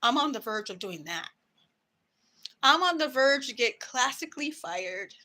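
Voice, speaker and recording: A woman's voice: high voice, sing-song, unhurried, sharp tone. A woman vlogger ranting to camera in a heated, profane way about her work. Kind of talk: angry personal rant to camera.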